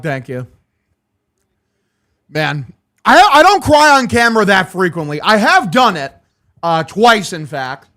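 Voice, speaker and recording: Young man, high voice, streamer, hyped, profane, play-by-play and chat shout-outs. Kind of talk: live watch-along play-by-play.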